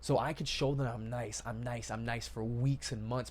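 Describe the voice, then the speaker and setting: A man's voice: mid-range voice, steady tone, slight background noise. A young man hosting a casual podcast chat, talking emphatically and calling people dude and bro. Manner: fast, emphatic, calls listeners dude and bro. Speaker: podcast host.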